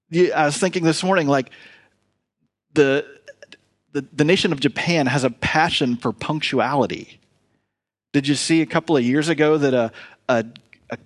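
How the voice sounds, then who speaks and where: Folksy pastor, lively sermon. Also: male voice, medium pitch. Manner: folksy, animated, with playful asides.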